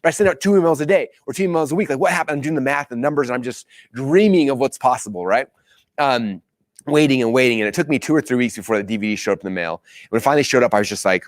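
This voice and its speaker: Fast-talking man telling a story. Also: no echo. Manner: excited, re-enacts his own past lines with big pitch jumps. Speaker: course host. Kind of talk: animated storytelling.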